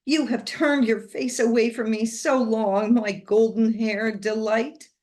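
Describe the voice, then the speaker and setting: A woman's voice: a little high, steady tone, a little slow, darkish tone, pitched above the performer's own voice, natural voice. A woman reading aloud and voicing an unhinged, grieving older woman who speaks passionately and entreatingly. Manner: passionate, entreating, a little wild. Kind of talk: storybook reading.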